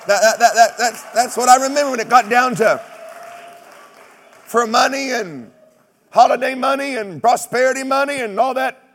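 A man preaching a sermon, telling stories with humor, mimicking other preachers and breaking into shouted exclamations. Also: very high-pitched, long reverb tail. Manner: animated storytelling with shouted exclamations.

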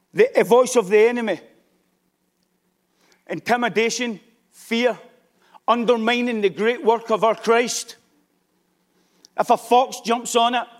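A man with a strikingly high voice delivers a sermon. He preaches with emphasis and often pushes up into shouted exhortation.

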